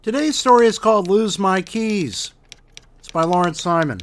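A man's voice: sits high, animated, normal speed. A man hosting a short story show, talking casually and rambling off track. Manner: rambling and self-interrupting. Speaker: host. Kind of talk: casual podcast chat.

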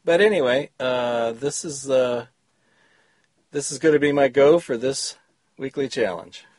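A man's voice: mid-range voice, a little slow, a little mellow, no room sound. A man recording himself on a phone, reading his short story after a chatty intro. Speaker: story contributor.

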